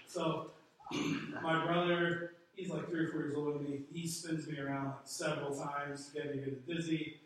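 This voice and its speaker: A man's voice: a little high, level tone, moderate pace. Guy preaching, talks like he's telling a story, lots of echo, faint noise behind. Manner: conversational storytelling, chuckles while telling. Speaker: pastor. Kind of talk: sermon. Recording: echoey room from a distant mic.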